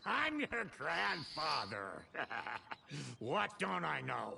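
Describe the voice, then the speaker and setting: An actor playing a gruff, cryptic old grandfather in a video game, speaking in a drawling, swaggering way with a gravelly voice. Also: fairly high pitch, big pitch swings, extremely slow, slight background noise, full character voice. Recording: game audio with loud ambience behind.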